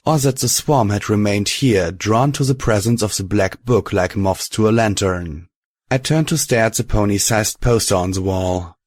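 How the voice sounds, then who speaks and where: A male audiobook narrator telling a fan fiction story in a steady, deliberate way. His voice sits on the low side, and the recording is dry and close, with no room sound. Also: no room sound.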